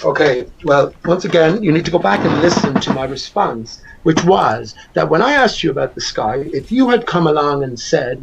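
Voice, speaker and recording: Gravelly older Irish man arguing. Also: on the high side, expressive, moderate pace, few pauses. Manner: combative, hectoring, repeats himself. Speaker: call-in guest. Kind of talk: heated argument on a call. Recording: dull lo-fi call audio.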